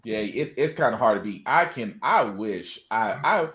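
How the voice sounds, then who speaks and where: A man hosting a podcast in casual, animated chat, joking with his co-hosts. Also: on the low side. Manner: animated, laughing, quick teasing banter. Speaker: podcast host.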